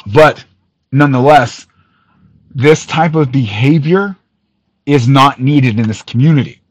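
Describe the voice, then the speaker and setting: A man hosting a podcast, ranting in an angry callout with lots of swearing, missing some teeth, swinging from loud outbursts to low muttering. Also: slow, long pauses, breathy edge, no room sound, poor audio. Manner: profane, heated, swings from shouting to low muttering. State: missing teeth, awaiting dental work. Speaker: podcast host.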